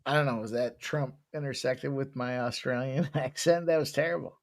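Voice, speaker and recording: A man's voice: medium pitch, steady tone, normal speed, creaky. A man hosting a live betting stream, joking loosely and swearing as he hypes the bets. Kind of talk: casual live-stream banter.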